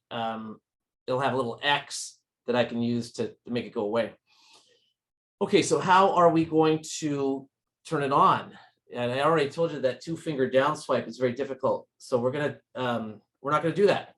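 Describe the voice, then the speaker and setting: A man's voice: mid-range voice, fairly bright tone. A man giving a live tech demonstration at a user group meeting, explaining step by step in a friendly, informal way.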